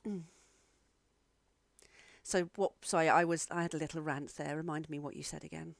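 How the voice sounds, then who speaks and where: A woman's voice: sits low, steady tone, normal speed, gravelly, no echo. A woman narrating a tabletop game as game master, describing scenes and chatting casually over an online call.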